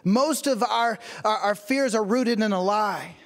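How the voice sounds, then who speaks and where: In a high voice and at a measured pace, a man preaches as a pastor, bringing humor to his stories and acting out what the people in them say.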